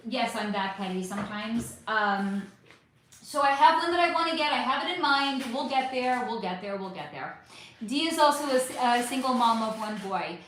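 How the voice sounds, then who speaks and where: Casual woman livestream host, high voice, very echoey room, faint hiss, phone mic. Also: a bit bright. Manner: chatty, rambling, swears casually. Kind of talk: casual livestream chat reading comments. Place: bright living room at home. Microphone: phone without external microphone.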